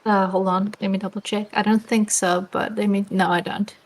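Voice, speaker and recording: A woman's voice: mid-range voice, flat delivery, normal speed. A woman playing in a tabletop game, answering in a casual, hesitant way. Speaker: player. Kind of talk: casual chat.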